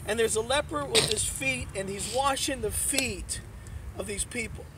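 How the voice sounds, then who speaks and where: A man preaching a sermon as a youth pastor, telling a story in an animated, emphatic storytelling style. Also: very high voice, normal speed, far from the mic, heavy background noise. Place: youth event.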